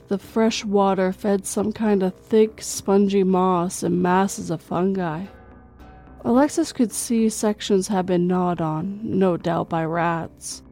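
A woman reading a horror story in a slow, measured storytelling way. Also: mid-range voice, warm tone. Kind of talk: scripted horror narration.

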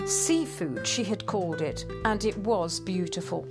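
A woman reading a children's storybook aloud in a gentle, measured and expressive way. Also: fairly low pitch, over loud music.

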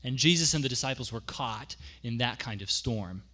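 A man delivers a sermon from the pulpit in an easygoing, explanatory way. His voice is bright and forceful at a middling pitch. He leans on repetition to drive points home. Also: normal speed. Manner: conversational, explains with asides and repeats for emphasis. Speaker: pastor.

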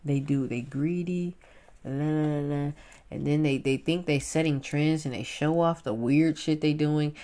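A woman in her thirties ranting casually and profanely, swinging from loud outbursts to muttered asides. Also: deep voice, moderate pace, hardly any pauses. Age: 30s. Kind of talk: casual rant to camera.

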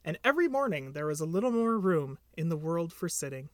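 A man reading a children's storybook aloud for a podcast, gentle and measured. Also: on the high side, sing-song, no room sound, clean studio sound. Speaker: podcast reader.

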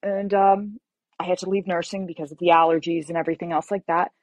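A woman novelist telling her story as an interview guest in an animated, conversational way. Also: lowish voice, fast talker, no echo. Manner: animated, acts out dialogue while telling a story.

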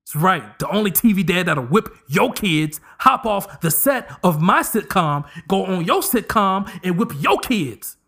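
A man's voice: high voice, a little slow, hardly any pauses. A man in his thirties hosting a podcast, giving a comedic casual monologue and slipping into voices as he jokes. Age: 30s. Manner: animated, joking, slips into voices. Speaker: podcast host.

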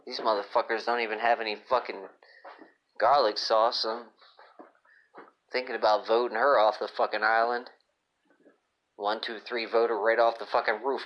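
A man with a lowish voice keeps a level tone at a moderate pace, pausing often. He hosts a podcast, launching into a crude, rambling comedic monologue with constant swearing and a moody attitude. It's a dull lo-fi recording made on a phone app.

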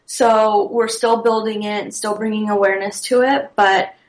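A woman's voice: mid-range voice, fairly even intonation, normal speed, low-quality recording. A woman guest on a podcast, earnestly explaining her wedding blog business with small restarts. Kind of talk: casual interview answers.

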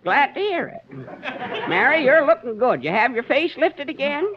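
A man's voice: extremely high pitch, big pitch swings, moderate pace, crowd noise. An actor playing an aged radio host in a 1940s radio comedy, teasing his guests with wisecracks. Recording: dull, hissy old radio broadcast.

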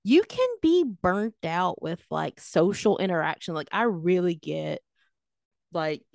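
A young woman co-hosting a podcast, talking casually in a rambling, animated way and acting out what people said. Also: fairly low pitch, a little slow, creaky, no room sound, clean studio sound. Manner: rambling, animated, acts out quoted voices. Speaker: podcast co-host. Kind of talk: casual chat.

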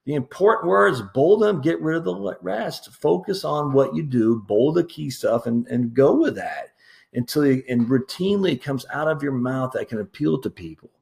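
A man's voice: a little high, animated, normal speed, creaky, darkish tone. A man hosting his own podcast, talking casually and candidly with lots of fillers and restarts, chuckling now and then and calling his listeners his friends. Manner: laughs easily while talking. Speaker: podcast host. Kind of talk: casual solo commentary.

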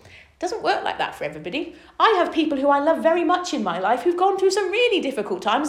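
A woman leading an informal Bible study, talking enthusiastically and climbing in pitch as she gets excited. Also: roomy sound. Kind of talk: informal preaching to a small group.

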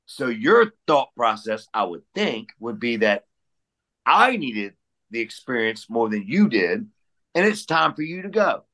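A man at a middle pitch whose voice rises and falls a lot. He makes his points with emphasis and swears casually as he chats with old colleagues. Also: very animated, unhurried, bright, forceful tone. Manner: emphatic, profane. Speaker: podcast co-host, former referee. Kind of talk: casual podcast chat.

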